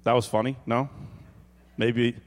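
Animated pastor preaching in a reverberant hall. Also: male voice, medium pitch, measured pace. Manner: animated, joking, swings between quiet emphasis and loud exclaims. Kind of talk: sermon. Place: church hall.

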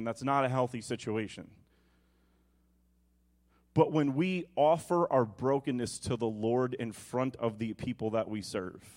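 A man in his thirties preaching a sermon, moving between quiet reflection and animated personal storytelling. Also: mid-range voice. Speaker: pastor.

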